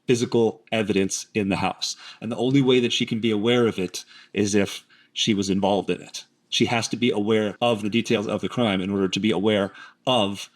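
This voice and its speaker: This is a man's voice, somewhat low-pitched, delivering analytical commentary. He explains carefully and leans hard on the points he wants to land. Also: steady tone, brisk. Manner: explanatory and emphatic. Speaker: host analyzing statements.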